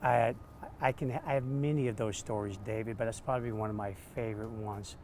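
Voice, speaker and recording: A man, a dog trainer, telling stories in an interview, animated and acting out quotes. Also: fairly low pitch, fairly quick, a little hiss or hum. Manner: animated, acts out quotes with laughs. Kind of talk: storytelling interview answers.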